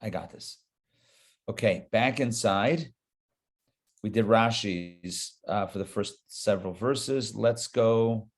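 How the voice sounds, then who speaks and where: This rabbi teaches his live Torah class slowly, his voice fairly low in pitch. He's animated and chatty, speaking right to the people listening.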